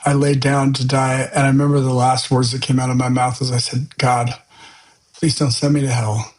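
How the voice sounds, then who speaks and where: A man's voice: mid-range voice, little pitch movement, normal speed, poor audio. A man as a podcast guest, telling a personal testimony in an earnest, candid, loosely conversational way.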